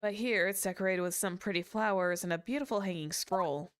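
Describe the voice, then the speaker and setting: A woman's voice: mid-range voice, a little fast, clean tone. A woman streaming a game, reading its text aloud and chatting with jokey asides. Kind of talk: casual let's-play commentary. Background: game music.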